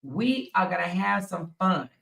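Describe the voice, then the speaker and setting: A woman's voice: on the low side, animated, unhurried, creaky, a bit bright. A woman hosting a casual live stream, chatting straight to viewers and laughing often. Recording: echoey room.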